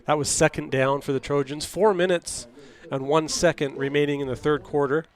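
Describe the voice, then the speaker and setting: A man doing play-by-play for a high school football game, chatty and quick to laugh. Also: fairly even intonation. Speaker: play-by-play announcer.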